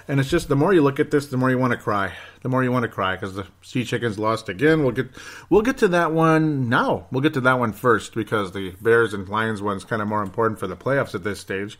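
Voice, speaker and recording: A man's voice: medium pitch, a little fast. A man hosting a sports podcast, rambling through results with sarcasm and mock despair. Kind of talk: casual sports commentary.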